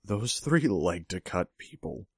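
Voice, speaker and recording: A man doing a gruff, blunt young fighter. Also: on the low side, animated, takes it slowly, dry recording, clean studio sound, heavily acted. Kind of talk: audiobook character voice.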